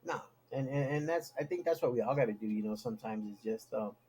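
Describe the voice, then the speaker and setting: A man's voice: medium pitch, fast talker, a little mellow, breathy edge, rough recording. A man in casual conversation, talking in a rambling way with many restarts.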